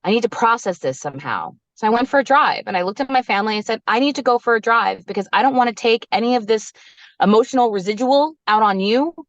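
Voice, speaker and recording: A woman in her thirties tells a personal story in a candid, conversational way. Her pitch climbs high when she acts out what she and others said. The audio is dry and a little dull. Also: fast talker, no room sound. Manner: animated, acts out her own quoted lines. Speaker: podcast guest, resilience coach.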